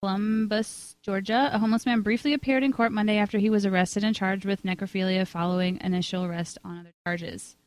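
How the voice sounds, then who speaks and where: A woman co-host reads news headlines out in a relaxed chat, adding short asides of her own. Her voice sits at a middle pitch, and the recording is dry and close. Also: quick pace, hardly any pauses, dry recording.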